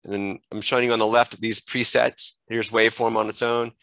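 A man giving a screen-recorded software tutorial, thinking aloud and correcting himself as he clicks through menus at a desk microphone. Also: on the low side, little pitch movement, a little fast, creaky, dry recording, poor audio.

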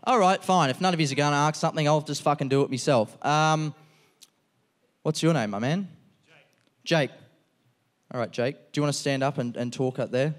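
Male comedian, profane, animated crowd work, raised pitch. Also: fairly quick, pauses often. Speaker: comedian host. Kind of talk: live stand-up talk. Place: live venue before an audience.

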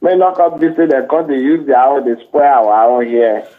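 A man's voice: mid-range voice, normal speed. A Nigerian man from Benin City, calling in to a live show and politely pleading. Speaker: caller. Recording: tinny phone line.

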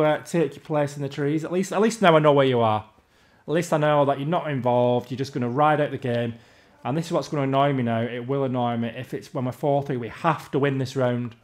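A man ranting in exasperation while commentating his own gameplay. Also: medium pitch. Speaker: gamer.

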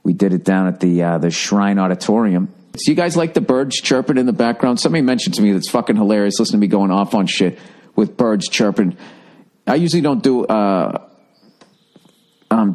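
A man's voice: lowish voice, a little fast, darkish tone. A man, ranting casually and profanely as a podcast host at home. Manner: profane, exasperated, mocks others in put-on voices. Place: home room with birds chirping outside.

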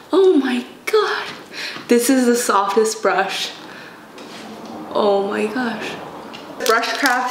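A beauty vlogger at home chats casually while getting ready, doing her makeup, gushing excitedly over new products and poking fun at herself. She has a mid-range voice and is sick today. The room echoes, with a steady noise in the background.

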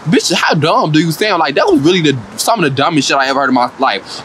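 A man vlogger giving an animated, profane and sassy comedic recap of a reality TV show, laughing often. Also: on the high side, fast, hardly any pauses, slight background noise.

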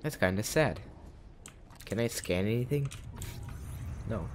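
Young man, gaming host, slow, lowish voice, reads text aloud with jokes; faint keyboard noise. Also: lively intonation. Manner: reads in-game text aloud, joking asides. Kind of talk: casual gameplay commentary.

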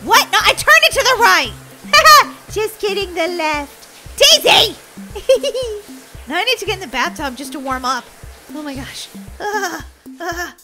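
A woman role-playing in a game, excitable and dramatic, giggling and crying out in playful panic. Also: extremely high pitch, unhurried, music in the background.

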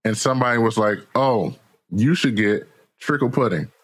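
Animated, laughing American man storyteller. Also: medium pitch, normal speed, breathy edge. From United States. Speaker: podcast guest, author. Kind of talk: casual interview chat.

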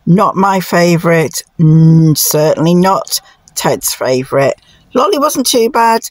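A woman narrating her travel vlog in a chatty, relaxed way, pausing on fillers. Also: dry recording. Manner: coos to her dogs in high sing-song tones. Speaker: travel vlogger.

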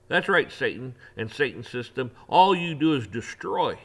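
A man's voice: medium pitch, sing-song, moderate pace, hardly any pauses, husky. Preachy man ranting emphatically. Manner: preachy and emphatic, repeats phrases, swears; religious preaching tone. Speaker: online commentator. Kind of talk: ranting opinion monologue.

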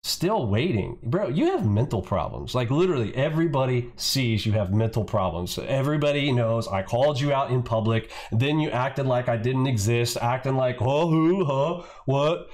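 A man's voice: medium pitch, animated, normal speed, hardly any pauses, a little mellow. Male host, angry profane reaction rant, mocking and insulting throughout. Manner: profane, mocking, repeats "bro". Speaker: trading channel host.

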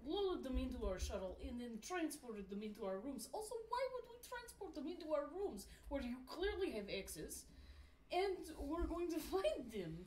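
A woman playing a tabletop role-playing game, animated and laughing as she argues. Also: high-pitched, normal speed, roomy sound, a little hiss or hum, poor audio. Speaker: player. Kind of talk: in-character tabletop banter.

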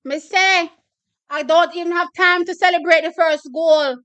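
A Jamaican woman hosting a live watch party, reacting excitably with bursts of shouting and laughter and slipping into patois. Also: extremely high pitch, moderate pace, no echo, dull audio. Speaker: watch-party livestream host.

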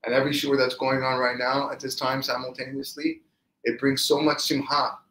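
A man, a rabbi, giving a storytelling Torah class and lively acting out the quoted speech of the people in his stories. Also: mid-range voice, normal speed, roomy sound, slight background noise, poor audio.

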